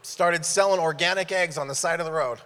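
Guest preacher, male, storyteller who acts out his dialogue, mid-high voice, big reverberant room. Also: fairly quick, clean tone. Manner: animated, acts out dialogue in stories. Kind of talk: sermon storytelling. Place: church sanctuary. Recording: long hall reverb.

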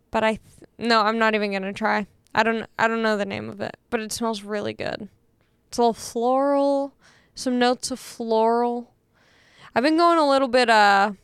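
A woman's voice: fairly high pitch, fairly bright tone, smooth, no room sound, clean studio sound. A young woman hosting a casual talk show, chatty and self-mocking, rambling through a sponsor read. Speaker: podcast host reading an ad.

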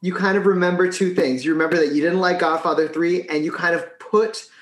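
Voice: mid-range voice, steady tone, brisk. Brief: eager, gushing podcast co-host who repeats words; echoey room. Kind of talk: casual chat.

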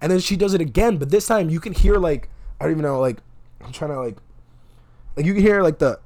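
A young man chats casually about a crazy night out, swearing all the time and animatedly voicing what each person said. He talks fast with long pauses, his pitch on the high side.

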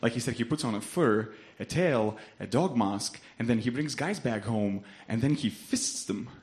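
A young Lithuanian man with a Lithuanian accent does a stand-up set on a club stage in a medium-pitched voice at a moderate pace. His delivery is deadpan, yet he laughs at his own punchlines.

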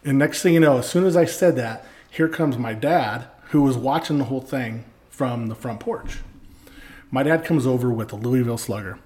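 A man, a podcast guest, telling a story in a casual, lively way, acting out what people said with swearing and laughs. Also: mid-range voice, moderate pace. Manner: animated, acts out quoted lines with swearing and laughs.

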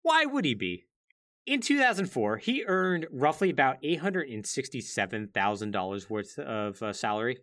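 Animated man hosting a podcast. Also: medium pitch, normal speed. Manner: chatty, heavy use of "like", wry asides. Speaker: podcast host. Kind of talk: casual gaming-history chat.

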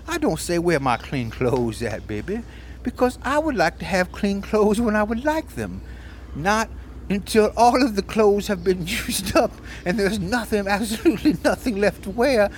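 This podcast co-host's voice is high-pitched and very animated, with slight background noise behind it. He's playing an older male soul singer for laughs, sweet-talking and calling everyone baby, crooning a teasing, drawn-out "baby" to close his lines in a smooth mood.

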